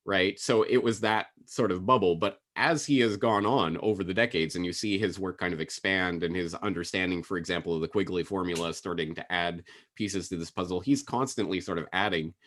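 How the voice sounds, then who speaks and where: Man in thirties, very low voice, articulate, measured, guest on talk show. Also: a bit bright. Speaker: guest commentator. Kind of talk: casual political interview.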